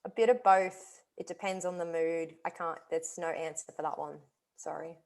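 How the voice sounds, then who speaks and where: A woman's voice: sits low, fairly even intonation, normal speed, darkish tone. A woman, a guest author, talking enthusiastically on a video call, full of "literally" and "like.". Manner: enthusiastic, talkative, repeats "literally" and "like". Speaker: guest author and wellness coach. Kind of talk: casual interview chat.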